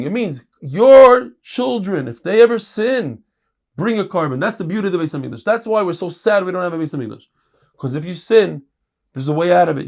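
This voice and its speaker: A middle-aged man gives a daily Talmud lesson in a slightly raised, gravelly voice. He moves between Hebrew readings and English commentary, rising sharply in pitch and volume to stress a point. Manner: lively, mixes Yiddish-inflected Hebrew readings with English explanation; animated, jumps in pitch and volume for emphasis. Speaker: rabbi teaching a daily Talmud class.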